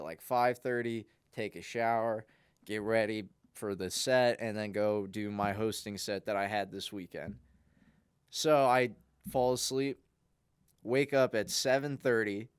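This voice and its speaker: A young man, a podcast co-host, telling a long, rambling story in a casual, animated way. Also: fairly low pitch, unhurried, smooth, dry recording, studio quality.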